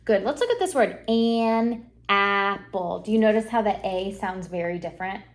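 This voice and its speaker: A woman's voice: mid-range voice, animated, warm tone. Encouraging woman teaching phonics. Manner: encouraging, models sounds slowly for a young reader. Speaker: reading teacher. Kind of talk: one-on-one phonics lesson.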